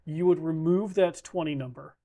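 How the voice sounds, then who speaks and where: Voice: medium pitch, normal speed, dark tone. A game master walking players through rules and character sheet fixes, patiently and methodically, restarting sentences to rephrase. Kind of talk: explaining rules in a casual online game session.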